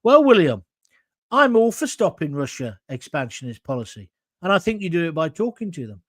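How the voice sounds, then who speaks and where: A man's voice: on the high side, very animated, brisk, no room sound. A man hosting a live talk show, reading out viewer comments in a blunt, combative, rambling way from a green screen studio.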